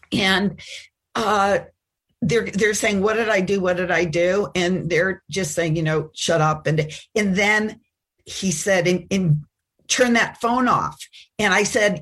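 A breathy middle-aged woman recounts a story as a talk show guest. Her pitch sits mid-range, and she talks in halting bursts with many restarts and fillers. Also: fairly bright tone. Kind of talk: personal storytelling. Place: Chicago.

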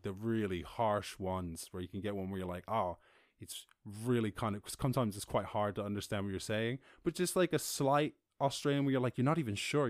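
A man from Ireland hosting a casual livestream chat, rambling, animated and laughing often as he talks. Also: fairly low pitch, dry recording, studio quality. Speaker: host.

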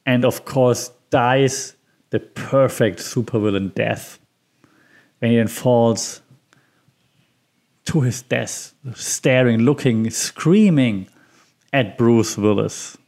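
A man's voice: mid-range voice, takes it slowly, pauses often, darkish tone. A man hosting his own podcast, talking in a loose, chatty way full of ums and small laughs at himself. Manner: rambling and chatty with frequent ums. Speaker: podcast host. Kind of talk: casual solo podcast commentary.

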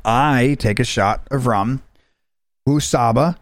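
A man's voice: mid-range voice, slow, no echo, studio quality. A young adult man hosting a casual chat, telling a story with acted-out quotes and plenty of swearing. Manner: animated storyteller, acts out quotes, swears freely. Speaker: podcast host.

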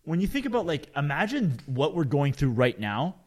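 A man's voice: on the high side, sing-song, moderate pace. A young man co-hosting a podcast in casual chat, rambling loosely with many fillers and restarts. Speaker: podcast co-host.

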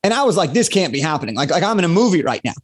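A man in his late twenties, a guest telling an energetic story on a podcast and acting out the quotes. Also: fairly high pitch, rapid-fire, husky. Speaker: guest, speaker and author.

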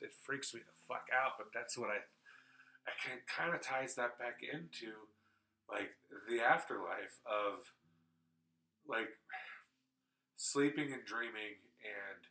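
A man's voice: fairly low pitch, sharp tone, a little hiss or hum, poor audio. A man hosting a podcast, telling a story in casual chat, rambling and swearing freely. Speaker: podcast host.

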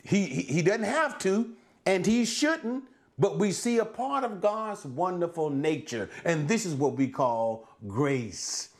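A man preaching through a Bible passage in a sermon for a podcast. His voice sits a little high and rises and falls widely, and he speaks slowly. He asks rhetorical questions and answers them himself, and he restarts words as he goes. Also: lively intonation.

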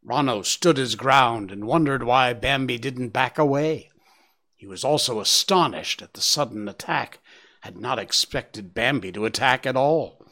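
A man narrating a story aloud in an expressive audiobook style. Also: mid-range voice.

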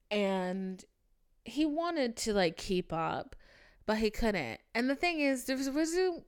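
A young woman hosting a podcast, telling a candid story in a casual chat, animated and swearing freely, with big swings in pitch and loudness. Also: clean tone. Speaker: podcast host.

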